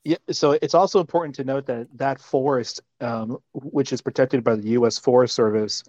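A man co-hosting a podcast, speaking in a halting way with many pauses and restarts. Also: medium pitch, fairly even intonation, darkish tone, no echo. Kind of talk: casual chat. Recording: slightly dull, muffled audio.

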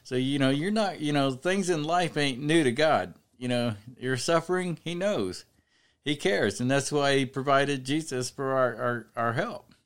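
A man's voice: mid-range voice, measured pace, smooth. A man giving an informal Bible study talk, reading verses and explaining them in a conversational way, often saying "you know" and building up to emphatic preaching. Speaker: Bible teacher.

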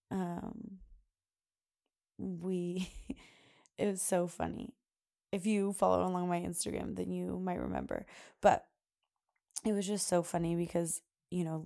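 A woman's voice: on the low side, creaky, warm tone. A young woman hosting a podcast, chatting casually and rambling with lots of laughs and filler words. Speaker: podcast host. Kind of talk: casual solo chat.

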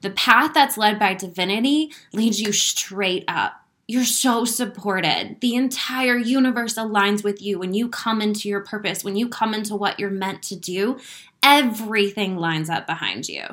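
An emotional woman speaks straight to her viewers in a spiritual, motivational talk. Her pitch sits at an ordinary middle height. She is earnest and heartfelt, swears casually and laughs through her feelings. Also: expressive, normal speed, a bit bright. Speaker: inspirational speaker.

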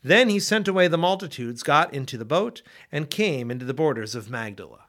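Male Bible reader, expressive and measured, bright, animated delivery. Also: a little high. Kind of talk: scripture reading.

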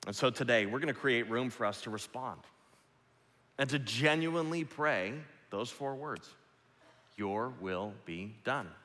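Impassioned preacher in a reverberant hall. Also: male voice, normal speed. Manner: impassioned, swinging from loud peaks to hushed lows. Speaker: pastor. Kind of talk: sermon. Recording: long reverb of a large hall.

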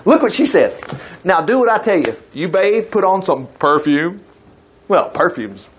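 A man's voice: high voice, big pitch swings, measured pace, slight background noise. A man reading a scripture story aloud to a group, stopping often to comment with enthusiastic asides and exclamations. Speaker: Bible teacher.

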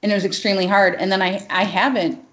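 A woman's voice: medium pitch, fairly even intonation, fast, a bit bright, slight background noise. A woman in casual podcast conversation, speaking earnestly and emphatically, often saying "like".

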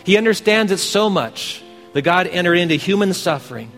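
A man's voice: high voice, expressive, fairly quick, a bit bright, long reverb tail, faint music behind. A man preaching a sermon as pastor, earnest, pressing his points with emphatic questions.

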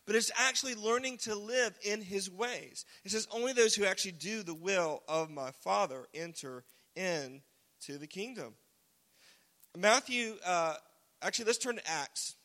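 A man preaching a casual, joking sermon, now and then shouting single words for emphasis. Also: sits high, lively intonation, measured pace. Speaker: pastor. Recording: long hall reverb.

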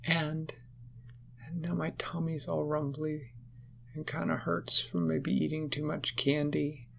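A woman's voice: low voice, little pitch movement, unhurried, creaky, slightly rough, voice pushed up, full character voice. A woman voicing a young girl who has just woken from a nightmare, talking in a small, shaken way.

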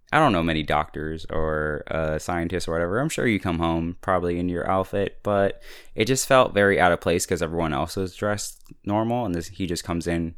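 A man's voice: low-pitched, fairly bright tone, smooth. A man casually recapping a TV episode, chatty and full of fillers, often breaking into laughs. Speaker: TV episode reviewer.

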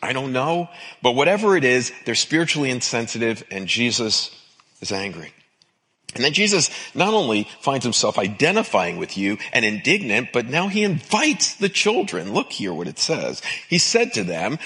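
Male pastor mid-sermon, animated and emphatic, repeating key lines. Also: medium pitch, normal speed. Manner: expressive preaching with emphatic repetition.

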